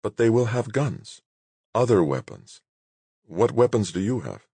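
A man voicing a composed woman head of state who asks measured, searching questions, read in an audiobook. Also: sits low, lively intonation, slightly rough, dry recording, voice pushed up. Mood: concerned.

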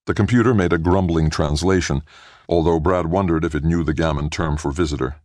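A man narrating an audiobook in a steady, measured storytelling manner. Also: extremely low pitch, dry recording, clean studio sound. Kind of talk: scripted narration.

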